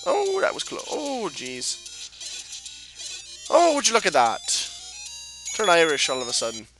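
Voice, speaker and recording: A man giving profane, excitable, self-mocking commentary while playing through a video game. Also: on the high side, a little slow, music in the background. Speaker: let's play host. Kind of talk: let's play commentary.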